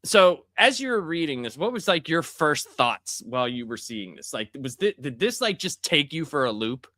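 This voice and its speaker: Bright, forceful voice, man, podcast host, casual review chat, animated, exclaiming in disgust, dry sound with no room echo. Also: on the high side, normal speed.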